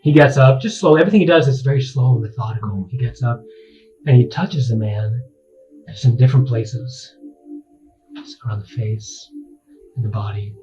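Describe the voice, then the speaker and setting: A man working as dungeon master, narrating a tabletop game in a halting way full of restarts. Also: mid-range voice, warm tone, lo-fi sound, soft background music.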